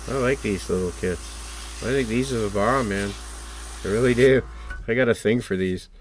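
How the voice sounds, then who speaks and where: A man's voice: lowish voice, moderate pace, a little hiss or hum. A man building and painting a scale model kit, talking to himself in chatty, muttered asides as he works. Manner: chatty self-talk, muttered asides to his work.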